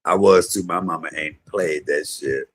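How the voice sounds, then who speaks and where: Husky low-voiced man telling stories. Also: unhurried. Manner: animated, loud imitations of his mother. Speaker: comedian and vlog host. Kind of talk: casual storytelling monologue.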